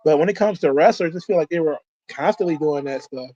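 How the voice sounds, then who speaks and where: A man's voice: on the high side, fast, mellow, dry recording, dull audio. A man hosting a wrestling watch-along, talking in a loose, rambling way with frequent swearing. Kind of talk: casual commentary.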